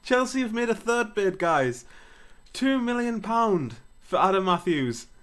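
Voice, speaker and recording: A young man giving casual, excitable play-by-play commentary on a football management game, swearing now and then. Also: sits high, takes it slowly. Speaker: gaming YouTuber.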